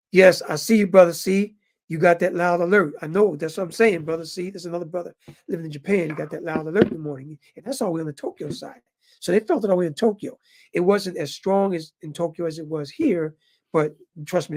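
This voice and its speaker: Gravelly-voiced man telling a story. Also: high voice. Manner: animated, addresses viewers as brothers. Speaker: vlogger living in Japan. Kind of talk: casual storytelling to viewers.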